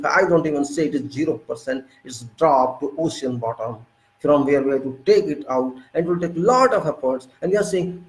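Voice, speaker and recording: A man's voice: on the high side, darkish tone, reverberant, poor audio. A man from India giving an emphatic, unscripted political monologue, firing off rhetorical questions. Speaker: political commentator.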